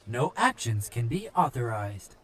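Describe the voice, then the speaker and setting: Man doing a monotone police android. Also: mid-range voice, measured pace, breathy edge, voice pushed up. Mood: commanding. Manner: flat, clipped machine-like statements. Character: monotone male police android, calm and mechanical.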